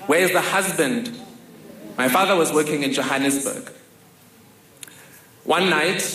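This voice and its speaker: A woman's voice: sits low, a bit bright. A woman from Africa, telling a personal story on stage with wry, dry humor. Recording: roomy hall with faint noise.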